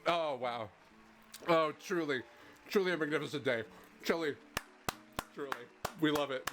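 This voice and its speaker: A man streaming a game live, reading its lines aloud and bursting into excited, shouted cheering. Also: fairly high pitch, moderate pace, long pauses, over music.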